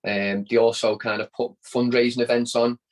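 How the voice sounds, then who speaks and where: A Scouse man chats as a podcast guest, telling a long story in a loose, conversational way. He often stumbles and repeats words as he goes. His voice sits at a medium pitch. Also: flat delivery, normal speed, rough recording. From Liverpool, England. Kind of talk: casual storytelling interview.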